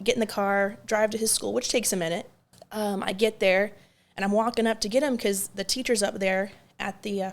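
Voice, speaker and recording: Gravelly woman telling a self-deprecating story. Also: mid-range voice. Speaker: podcast co-host, night-shift nurse. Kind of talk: casual storytelling chat.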